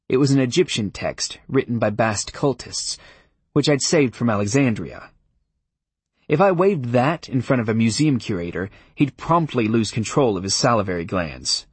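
A male audiobook narrator with a low, husky voice telling a first-person story. His delivery is dry and wry, and the recording is close and dead, with no room sound at all. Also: no echo.

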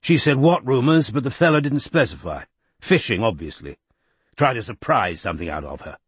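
A man voicing a gruff, bad-tempered older male politician who barks and growls curt remarks. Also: medium pitch, very animated, brisk, dry recording.

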